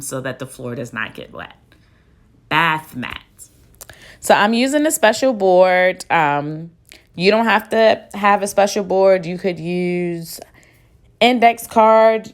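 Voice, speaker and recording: A woman teacher giving a phonics lesson, patiently sounding out and spelling words one syllable at a time. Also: low-pitched. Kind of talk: phonics lesson, slow and deliberate.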